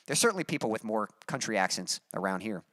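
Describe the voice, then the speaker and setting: A man from Texas with a mild Texas accent, a musician chatting casually on a livestream and reading out his chat, relaxed and rambling with many fillers. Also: lowish voice, quick pace, no echo, clean studio sound. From Texas, USA.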